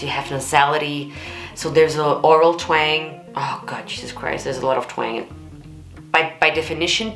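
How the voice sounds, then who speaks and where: A woman's voice: low voice, fairly bright tone. A woman vocal coach, chatting enthusiastically as she reacts to a performance. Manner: enthusiastic, chatty, repeats words often. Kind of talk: reaction commentary. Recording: echoey room with faint music.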